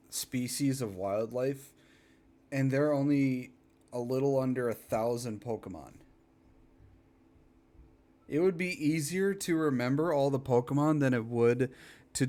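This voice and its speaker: A man's voice: medium pitch, darkish tone. A man casually reacting to a comedy video, rambling and laughing along, with a bit of swearing.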